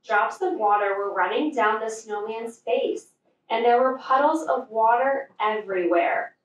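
A woman, a teacher, reading a picture book aloud to children in a slow, expressive way. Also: fairly high pitch, highs cut off, slight background noise. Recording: echoey room from far off.

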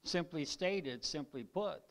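A man preaching a sermon as pastor, his voice tired and weakening, who clears his throat, reads scripture aloud and repeats lines for emphasis. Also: fairly high pitch, animated, slow, a bit bright. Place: church.

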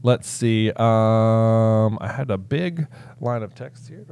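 Animated man, dry close sound. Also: fairly low pitch, slow, clean tone, no room sound. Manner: animated, reads passages aloud and reacts. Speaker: podcast co-host. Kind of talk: casual book podcast chat.

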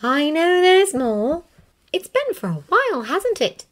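A woman voicing a concerned young woman who speaks in a gentle, soothing way, read aloud from a story. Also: very high-pitched, sing-song, a little slow, voice pushed up, full character voice. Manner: soft, soothing.

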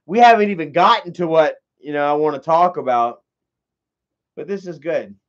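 Young guy ranting and cursing on his channel, fairly high voice, muffled lo-fi audio. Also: moderate pace. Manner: rambling, heavy swearing, excitable. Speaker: commentary host. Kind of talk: casual profane commentary. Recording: dull lo-fi recording.

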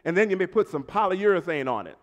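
In a church sanctuary with long reverb, a pastor with an American accent preaches animatedly, calling out to his congregation. His voice is high-pitched and fast, and the recording sounds lo-fi.

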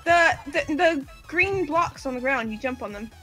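A woman's voice: high voice, animated, normal speed, bright, forceful tone, faint music behind, poor audio. A woman playing a game with friends, teasing them and giving helpful tips. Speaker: player in stream. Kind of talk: casual gaming chat.

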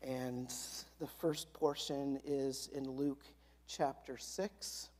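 A woman pastor giving a sermon, reading scripture slowly and with strong emphasis between nervous asides. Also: a bass voice, fairly even intonation, darkish tone. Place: church sanctuary.

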